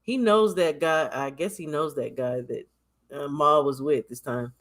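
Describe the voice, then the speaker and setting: A man hosting a casual livestream chat, animated and laughing often, tending to repeat himself. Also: on the high side, unhurried. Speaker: livestream host.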